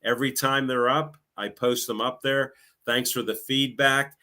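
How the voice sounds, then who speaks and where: A man's voice: mid-range voice, steady tone, measured pace, sharp tone. A middle-aged man, telling stories in a chatty, sarcastic way. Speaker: guest, local show host. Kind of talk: casual chat.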